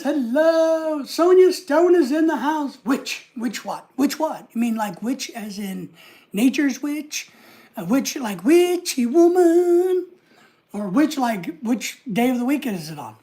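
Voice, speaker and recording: A woman's voice: fairly high pitch, darkish tone. Rambling woman chatting on a live stream. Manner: rambling, reads viewer comments aloud. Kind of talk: casual live-stream chat.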